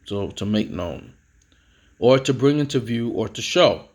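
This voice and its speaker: A man's voice: lively intonation, a little slow. Guy going through vocab words for his class, casual, lots of uhs, stresses each new word. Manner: reads each headword louder and higher, then drops to explain; casual, with fillers and self-corrections. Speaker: teacher. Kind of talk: vocabulary lesson, reading definitions aloud.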